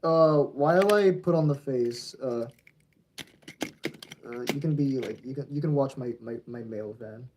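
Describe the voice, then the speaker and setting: A young man streaming his model railway layout in casual commentary, excitable and prone to yelling at the trains. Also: medium pitch, a little slow, slight background noise. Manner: excitable, yells at toy trains.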